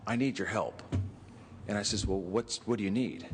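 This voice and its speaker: A man's voice: fairly low pitch, moderate pace, a little hiss or hum. A man, a state senator, giving an anecdotal tribute speech on the floor and acting out the dialogue of his stories with chuckles. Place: legislative chamber. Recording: chamber with long reverb, faint ambience.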